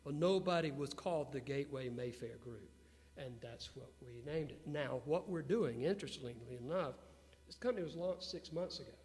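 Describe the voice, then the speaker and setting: A man being interviewed before an audience, telling business stories in an animated way and putting questions to the crowd. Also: mid-range voice, normal speed. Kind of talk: storytelling talk to an audience. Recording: long hall reverb with faint hum.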